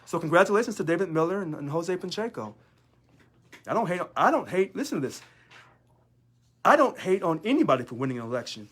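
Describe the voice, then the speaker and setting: A man's voice: a little high, sing-song, fast talker, a bit bright, breathy edge. A man, a union local leader, talking in a sarcastic monologue full of rhetorical questions. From United States. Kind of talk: casual monologue video.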